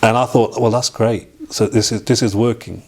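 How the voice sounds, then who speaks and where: A middle-aged man, an interview guest telling a personal story in a halting way, with restarts and acted-out quoted dialogue. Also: mid-range voice, fairly even intonation, a little mellow.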